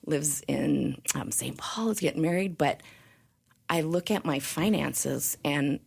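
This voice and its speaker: A middle-aged woman speaking as a guest in a candid conversational interview, earnest and reflective, with halting restarts. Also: low voice. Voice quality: gravelly, husky. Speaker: podcast guest, author.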